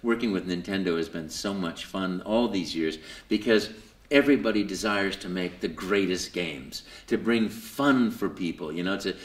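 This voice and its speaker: A man being interviewed at a convention, telling his story with lots of fillers and jumping into high put-on voices for quotes. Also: normal speed, reverberant. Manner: lots of fillers and repeated words. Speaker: voice actor guest. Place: convention hall.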